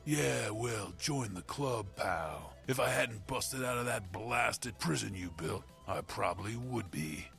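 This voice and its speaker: A man's voice: on the low side, expressive, slow pace, gravelly, hardly any pauses, fairly bright tone, faint music behind, full character voice. An actor playing a tough, weary male escaped convict in a video game, talking curtly. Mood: gruff.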